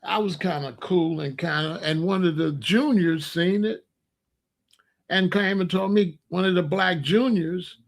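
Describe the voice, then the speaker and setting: A man's voice: high voice, measured pace, creaky. A middle-aged man hosting his own commentary channel, talking in a casual opinion monologue and telling stories with sound effects and mock voices.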